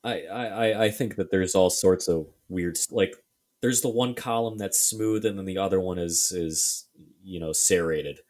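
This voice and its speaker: A young man with a very low voice co-hosts a casual podcast. He thinks out loud, circling back with frequent ums, likes and restarts. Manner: halting, many fillers and restarts. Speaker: podcast co-host.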